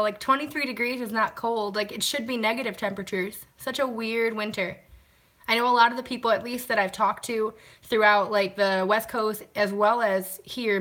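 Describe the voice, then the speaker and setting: A woman chats casually on a live stream from home, greeting viewers by name and answering their comments. Her voice is bright and a little sharp. She keeps talking as she washes glasses by hand. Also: medium pitch. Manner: talks while washing glasses by hand. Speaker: vlogger hosting a live stream.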